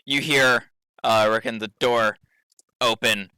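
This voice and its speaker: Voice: medium pitch, fairly even intonation, slow, pushed and bright, clear, resonant tone, dry recording, studio quality. A dungeon master narrating a tabletop game, often laughing between lines.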